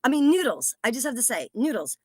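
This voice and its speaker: An American woman in a group video call, talking in an excited, rambling way and swearing freely. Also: on the high side, fast talker, husky, no echo. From United States. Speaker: class participant.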